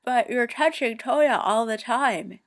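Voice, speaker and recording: A woman's voice: medium pitch, expressive, unhurried. A woman voicing a blunt, dryly teasing teen boy. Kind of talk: amateur audiobook reading.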